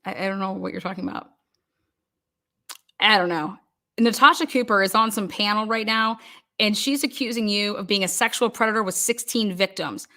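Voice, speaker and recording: A woman's voice: mid-range voice, moderate pace, bright, forceful tone. A woman hosting a live stream panel, telling an indignant, profane story and breaking into laughter. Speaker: livestream panel host.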